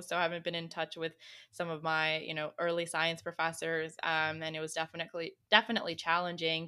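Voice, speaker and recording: Young woman, co-host, casual advice chat, chatty with fillers, lowish pitch, bright tone. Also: clean tone.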